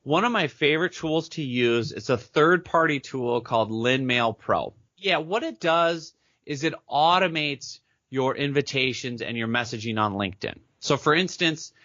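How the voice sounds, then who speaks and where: A man being interviewed as a business coach on a podcast, talking fast and eagerly and acting out chat messages as he goes. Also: mid-range voice, lively intonation, bright, forceful tone, no echo, highs cut off. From Minneapolis area, United States.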